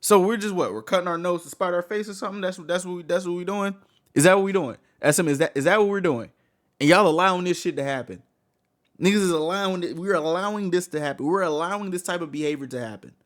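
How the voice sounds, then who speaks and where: A man's voice: high-pitched, fast. A man hosting a reaction video, ranting in heated, incredulous, profane commentary full of rhetorical questions.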